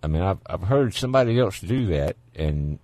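A man's voice: sits low, expressive, normal speed, mellow, no echo. A man with a Southern US accent hosting a call-in radio show, talking in a folksy, laid-back way. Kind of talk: casual call-in radio chat.

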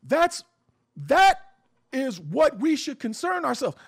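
A man's voice: very high voice, very animated, slow. A man hosting a radio show, talking in a blunt, impassioned and profane way about his views. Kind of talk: heated opinion talk. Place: home in the Arizona desert.

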